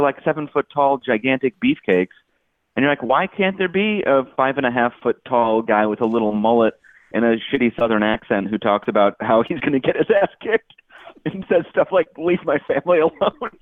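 A man talks casually as a podcast guest, rambling and breaking into laughs. His pitch moves a lot. The sound is thin and phone-like, and it is dry, with no room around it. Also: no echo. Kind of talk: casual chat. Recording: dry tinny phone-like line.

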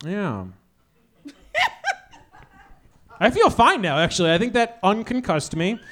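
A man in his thirties hosting a comedy show, telling rambling stand-up stories with loud punchlines. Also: sits high, very animated, slow pace. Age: 30s. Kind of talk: stand-up storytelling.

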